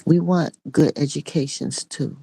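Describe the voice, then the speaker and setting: A woman's voice: low voice, measured pace, gravelly, warm tone, slightly rough, dry recording. A middle-aged woman and online preacher giving an impassioned spoken testimony in a repetitive, raw preaching cadence.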